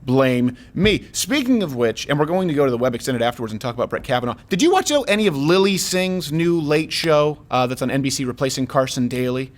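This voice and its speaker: A male talk show host in comedic banter, animated and rambling with jokey asides. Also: medium pitch, fairly quick, few pauses.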